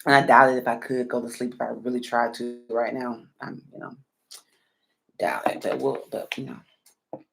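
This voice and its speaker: A woman's voice: a bass voice, flat delivery, normal speed, gravelly, music in the background. A woman reading tarot on a late-night live stream. She is sleepy and yawning, and she rambles through many fillers while she answers viewers one by one.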